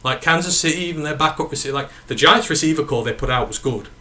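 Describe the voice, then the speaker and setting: A man's voice: fairly high pitch, fast, sharp tone. A man with a northern English accent hosting a casual sports podcast, rambling and correcting himself as he answers live chat questions. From northern England. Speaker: podcast host.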